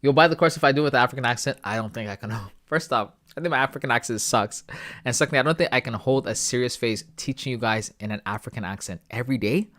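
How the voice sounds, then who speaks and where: A man's voice: mid-range voice, quick pace, a bit bright. A man who grew up in Ghana, chatting casually on a live stream, joking and using slang as he reads his chat. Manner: laid-back, joking, talks to chat with slang. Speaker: forex trading streamer.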